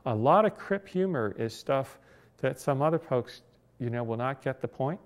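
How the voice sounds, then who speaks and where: A man's voice: mid-range voice, lively intonation, normal speed. Guy in his 60s recalling old stories in an interview, dry humor, kind of reflective. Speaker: interviewee, disability rights advocate. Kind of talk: oral history storytelling.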